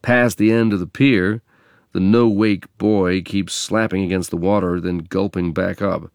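A man from England narrating a memoir in a measured, reflective reading. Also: deep voice, steady tone, a little mellow, no room sound, studio quality.

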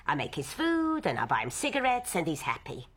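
An actress playing a tough, worn-down middle-aged housewife who talks bluntly and plainly about hard times. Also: female voice, deep voice, wildly swooping pitch, brisk. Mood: weary. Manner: blunt, matter-of-fact, worn down. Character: tough weary working-class London housewife. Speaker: wife and host of old friends. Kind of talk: stage drama dialogue.

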